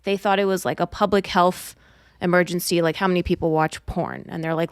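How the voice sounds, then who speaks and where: A woman's voice: lowish voice, fairly even intonation, fairly quick, no echo, clean studio sound. A woman co-hosting a podcast, earnestly explaining a point with worked examples in casual chat. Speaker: podcast co-host.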